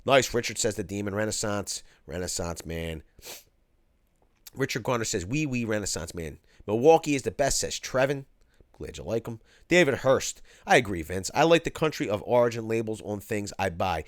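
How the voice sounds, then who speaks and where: A man's voice: lowish voice, expressive, moderate pace, dry recording, clean studio sound. A man from Philadelphia hosting a livestream, reading out viewer chat in a casual, slangy way. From Philadelphia, USA. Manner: laid-back, slangy, says "cuz" and "yo". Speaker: host reading live chat.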